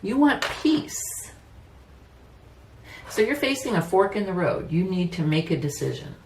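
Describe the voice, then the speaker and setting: A woman's voice: on the low side, very animated, unhurried, gravelly, a little mellow. A woman giving a casual tarot reading, chatty and personal, often saying "you know" and laughing easily. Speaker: tarot reader. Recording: roomy echo, mic at a distance, faint ambience.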